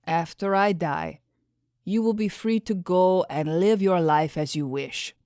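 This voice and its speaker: A woman voicing a gentle, weary old man, a dying tribal leader, speaking weakly and solemnly in an audiobook. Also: lowish voice, unhurried, no room sound, studio quality. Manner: weak, tender, solemn.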